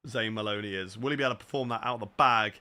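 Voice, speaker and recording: A man's voice: lowish voice, racing, bright, forceful tone. A young man live-streaming a racing game, chatting casually and answering viewer questions between laps. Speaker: gaming streamer.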